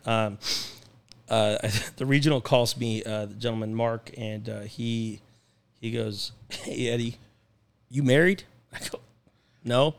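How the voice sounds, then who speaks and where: Animated young man telling work stories. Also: mid-range voice, clean tone. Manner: animated storyteller, acts out phone calls, laughs often. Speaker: podcast guest. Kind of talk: casual storytelling chat. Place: podcast studio.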